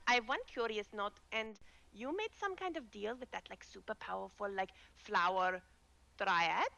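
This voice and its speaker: Woman at a tabletop game begging for info, bright voice w/ some vocal fry. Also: mid-range voice, animated, poor audio. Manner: eager, pleading, quick to gasp. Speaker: player. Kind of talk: casual tabletop game chat.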